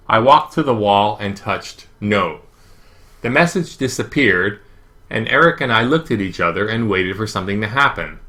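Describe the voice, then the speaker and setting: A man reading a children's novel aloud in first person, with a lively, emphatic delivery. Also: lowish voice, moderate pace. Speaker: audiobook reader. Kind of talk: first-person storybook narration.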